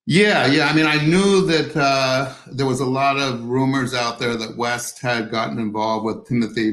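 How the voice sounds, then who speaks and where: A man's voice: fairly low pitch, a bit bright, reverberant, rough recording. A man, an author being interviewed, who talks hesitantly with many fillers and restarts. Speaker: author guest. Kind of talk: interview over video call.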